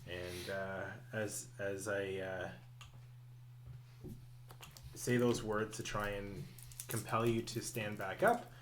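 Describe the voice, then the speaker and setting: A man playing a tabletop game, describing his character's actions in a relaxed, hesitant way. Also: on the low side, slow, long pauses, crowd noise. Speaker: player. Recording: background noise.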